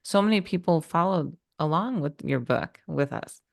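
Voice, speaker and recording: A woman's voice: low voice, expressive, moderate pace, gravelly, no echo, clean studio sound. A woman co-hosting a podcast over a video call, chatty and enthusiastic. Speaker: podcast co-host. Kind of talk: casual conversational interview.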